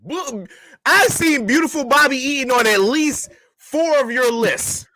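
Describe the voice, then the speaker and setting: A male co-host trades playful banter on a wrestling talk podcast, cutting in quickly. His voice is bright and lively, a little high, recorded dry and close. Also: no echo.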